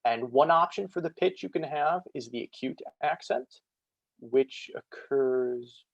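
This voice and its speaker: A young man giving a casual student presentation over a video call, full of fillers, slowing to demonstrate sounds. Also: fairly high pitch, gravelly, no room sound, highs cut off. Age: young adult. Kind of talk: online lecture on ancient Greek pronunciation.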